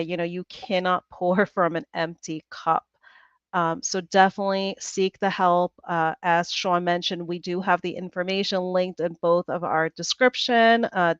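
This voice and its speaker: A woman's voice: fairly low pitch, smooth, dry recording, highs cut off. A woman co-hosting a livestream in casual, earnest chat. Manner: earnest, with ums and you-knows. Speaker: livestream co-host.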